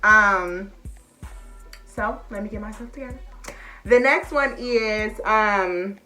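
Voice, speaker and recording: A woman's voice: medium pitch, takes it slowly, bright, forceful tone, faint music behind. A young woman, chatting casually and emotionally to her viewers as y'all. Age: young adult. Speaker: vlogger. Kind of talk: casual chat to camera.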